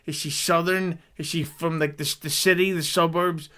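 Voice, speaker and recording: A man co-hosts a podcast, offering wry, critical takes in loose conversation. His voice is fairly high for a man, smooth and resonant. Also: steady tone, moderate pace, sharp tone. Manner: wry, dry critical commentary. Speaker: podcast co-host. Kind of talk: casual chat.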